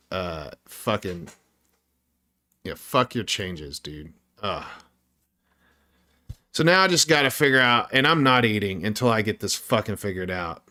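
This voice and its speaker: A man's voice: fairly low pitch, bright, forceful tone. A man who develops indie games, chatting casually on a livestream as he works, ranting in frustration and swearing heavily. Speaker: indie game developer streaming his work. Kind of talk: casual livestream chat while working.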